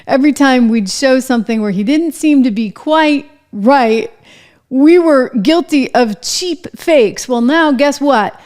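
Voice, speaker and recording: A woman's voice: high-pitched, measured pace, darkish tone. Sarcastic woman commentary host. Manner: sarcastic, indignant, rhetorical questions. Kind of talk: opinionated commentary to camera.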